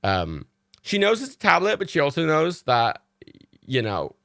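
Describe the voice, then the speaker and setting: A man's voice: fairly high pitch, normal speed, creaky, no room sound. Young guy rambling on his stream, super swingy voice, dry close sound, laughs and swears a lot. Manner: animated, laughs often, swears casually. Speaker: livestream host. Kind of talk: casual storytelling chat.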